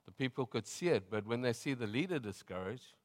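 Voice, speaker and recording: A middle-aged man with a South African accent, a pastor preaching a sermon and telling stories in a relaxed, chatty way, laughing often. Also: medium pitch, a little fast, long reverb tail. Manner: conversational storytelling, laughing often.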